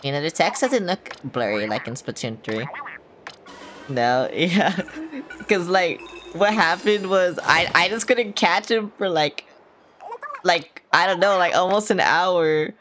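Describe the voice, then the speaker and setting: A woman's voice: lowish voice, takes it slowly, noisy background. A young woman streaming a game, chatting casually, swearing and reacting dramatically as she rambles. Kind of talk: casual gaming livestream chat. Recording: music playing over the voice.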